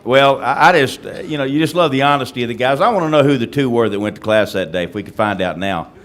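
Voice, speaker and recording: A man's voice: mid-range voice, lively intonation, fast talker, fairly bright tone, slight background noise. A man hosting a reunion panel, asking teasing, joking questions. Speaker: host. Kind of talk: moderating a panel.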